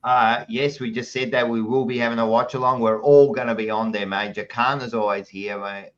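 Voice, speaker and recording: A man's voice: mid-range voice, steady tone, fairly quick, fairly bright tone, lo-fi sound. An Australian man hosting a podcast, chatting casually and reading out live chat messages with jokey, blokey banter, calling everyone mate. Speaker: podcast host.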